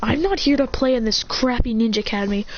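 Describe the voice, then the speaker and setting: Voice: medium pitch, fast, dull audio, slight background noise, natural voice. A storyteller voicing a defiant young demon ninja boy who talks back sarcastically. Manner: sarcastic backtalk.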